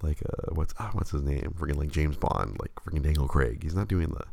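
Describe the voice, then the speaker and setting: Very deep gravelly man, rambling. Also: animated, a little fast, darkish tone, no room sound. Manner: rambling, stammering restarts. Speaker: podcast host. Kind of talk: casual chat.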